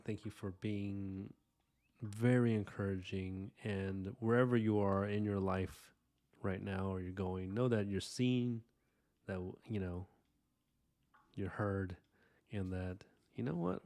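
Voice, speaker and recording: A man hosting an art live stream, chatting casually and earnestly with viewers while he inks, full of fillers and soft asides. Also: on the low side, a little slow. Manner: earnest, rambling, warm-hearted thanks to viewers. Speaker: live-stream artist host.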